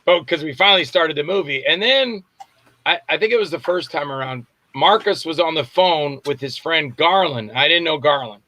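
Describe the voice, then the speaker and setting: A man's voice: fairly high pitch, animated, normal speed, pushed and bright. An older man from Florida, a guest actor and filmmaker, telling rambling stories in a casual interview and acting out what others said. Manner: rambling storyteller acting out quotes.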